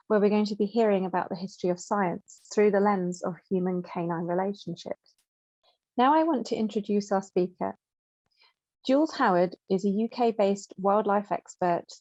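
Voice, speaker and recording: A British woman chairing an event, giving a measured, scripted introduction of the speaker. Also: medium pitch, darkish tone, no echo. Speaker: session chair, host. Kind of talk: formal introduction. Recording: dull lo-fi sound.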